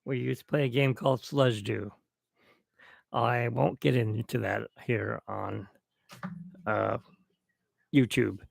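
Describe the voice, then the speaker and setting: A man's voice: medium pitch, steady tone, slow, vocal fry, long pauses, no echo, clean studio sound. A middle-aged man hosting a solo podcast toast, rambling and reminiscing at his own pace. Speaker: podcast host. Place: at home, alone.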